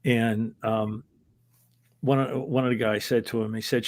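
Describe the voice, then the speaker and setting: A former wrestling referee, a man, rambling through old stories as an interview guest. He hesitates, restarts his sentences and chuckles along the way. His voice is of middling pitch. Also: moderate pace, darkish tone. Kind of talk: casual anecdotal storytelling.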